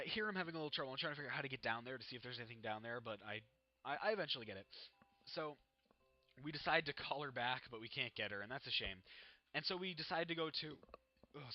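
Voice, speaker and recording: A man's voice: mid-range voice, dull audio. A teenage boy chatting casually over gameplay, rambling and cutting himself off as he tells stories. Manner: rambling, self-interrupting storyteller. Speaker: gaming vlogger.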